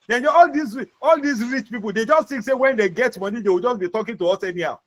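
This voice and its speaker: High-voiced Nigerian male trainer. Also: lively intonation, fast, hardly any pauses. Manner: repetitive, acts out example dialogues. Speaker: vocational trainer. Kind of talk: soft-skills classroom lecture.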